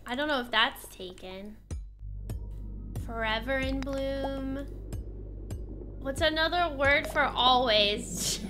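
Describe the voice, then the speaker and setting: A woman's voice: high voice, slow, long pauses. A young woman streaming a game, chatting casually and rambling as she thinks aloud, with many fillers and restarts. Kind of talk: casual chat while gaming. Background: game music.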